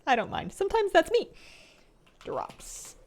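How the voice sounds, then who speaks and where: A young woman streamer talks casually while she plays, rambling from one thought to the next. She laughs easily and often drops into soft, half-mumbled asides. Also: extremely high pitch, huge pitch swings, measured pace, gravelly. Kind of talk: casual chat while gaming.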